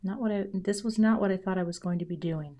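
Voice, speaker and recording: Middle-aged woman, crafting vlogger, casual narration that slides into quiet whispering mid-task. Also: medium pitch, quick pace. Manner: drops into whispers while concentrating. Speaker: card-making crafter.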